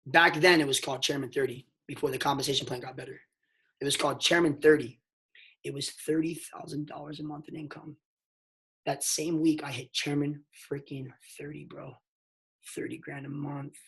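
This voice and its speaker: A man telling a motivational story on a mentorship call, emphatic and excitable, swinging between hushed and loud and calling listeners "bro". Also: fairly high pitch, moderate pace, vocal fry. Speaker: network marketing mentor.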